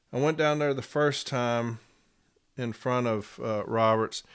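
A man speaking as a union representative in a casual podcast monologue. He tells his account plainly and repeats case numbers slowly. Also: mid-range voice, fairly bright tone, smooth.

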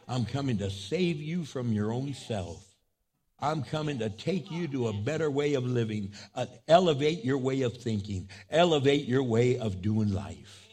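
A male pastor preaching a sermon to a church and online viewers, swinging between loud, high climaxes and low, quiet asides, and acting out quoted voices. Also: animated, moderate pace. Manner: preaching with big swings in pitch and loudness, voicing quoted speech.

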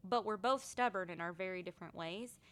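A woman's voice: on the low side, brisk, clean tone. A woman in her thirties co-hosting a casual podcast, telling stories animatedly about her kids. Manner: animated storytelling, acts out her kids' voices. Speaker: podcast co-host. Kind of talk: casual chat.

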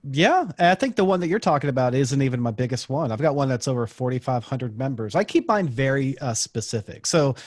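A man talks easily as a podcast guest, explaining things step by step with a few restarts along the way. His voice sits in a middle pitch. The sound is very dry with no room to it. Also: lively intonation, a little fast, few pauses, no echo. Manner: conversational, explains with examples, frequent restarts. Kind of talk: casual interview talk.

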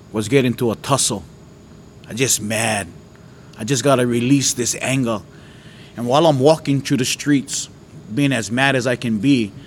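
Man, mid-pitched, earnest storyteller sharing a faith testimony. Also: slight background noise. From Hawaii.

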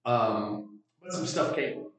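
A man's voice: mid-range voice, animated, takes it slowly, recorded from a distance. A man co-hosting a podcast in casual chat, teasing and laughing often. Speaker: podcast co-host. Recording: echoey room, away from mic.

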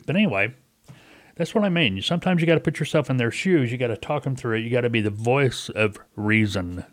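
A man's voice: medium pitch, lively intonation, brisk, dry recording. Middle-aged male radio host, folksy storyteller, dry close mic, casual chat. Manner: folksy, storytelling, acts out callers in quotes. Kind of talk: casual talk radio monologue.

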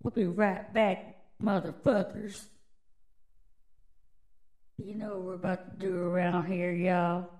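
A woman's voice: lowish voice, little pitch movement, slow pace, long pauses, a crowd in the background, low-quality recording. A woman hosting a podcast alone, delivering a crude, rambling, mock-conspiratorial monologue full of swearing. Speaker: podcast host.

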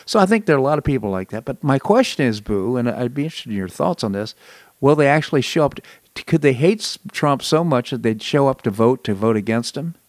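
A man's voice: medium pitch, lively intonation, brisk, dry recording. A man hosting a talk show, chatting casually about politics and memories, with frequent chuckles. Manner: conversational, chuckles often. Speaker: radio show host.

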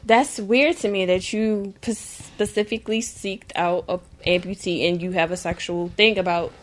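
A woman's voice: mid-range voice, steady tone, moderate pace. A woman co-hosting a podcast, talking candidly in casual chat, telling stories and laughing often. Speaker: podcast co-host.

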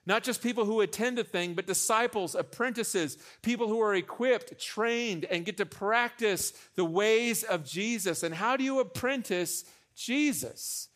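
A young adult man preaching a sermon as pastor, animated, with joking asides, repeating phrases for emphasis. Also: sits high, measured pace, few pauses.

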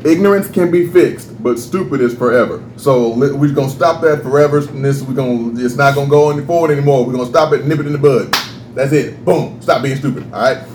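Animated ranting man, roomy echo. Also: medium pitch, fairly quick. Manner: animated, ranting, profane, laughing. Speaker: podcast co-host. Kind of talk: casual podcast rant. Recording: roomy echo, faint background noise.

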